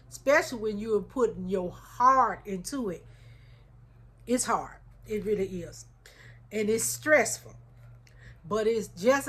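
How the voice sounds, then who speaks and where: A woman's voice: medium pitch, fairly bright tone, husky. Heartfelt woman vlogging. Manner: heartfelt, addresses viewers as y'all. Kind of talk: emotional casual chat to viewers.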